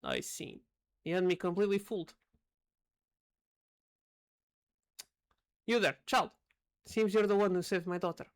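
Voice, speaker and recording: A woman voicing an older male king in a game, gruff and fatherly, with a made-up accent. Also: on the low side, a little fast, close to an everyday voice. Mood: stern.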